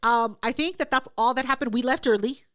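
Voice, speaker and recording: A woman's voice: a little high, fairly quick, a bit bright, dry recording, clean studio sound. A woman co-hosting a podcast, telling stories in blunt, profane casual chat. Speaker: podcast co-host.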